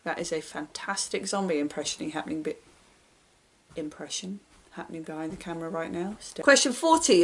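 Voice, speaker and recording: A woman book vlogger in casual chat, reading each question out brightly and answering in an offhand, self-deprecating way. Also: lowish voice.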